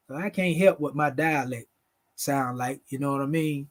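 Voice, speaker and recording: A man's voice: mid-range voice, normal speed. A man with a Southern US accent hosting a late-night livestream, reciting spiritual invocations in a preachy way and calling his listeners "family". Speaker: channel host.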